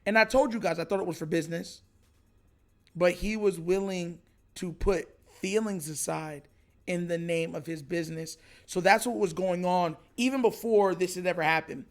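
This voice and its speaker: Excitable high-voiced male podcast host. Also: normal speed. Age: adult. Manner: animated, retells others' lines with raised excited voice. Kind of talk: casual storytelling recap.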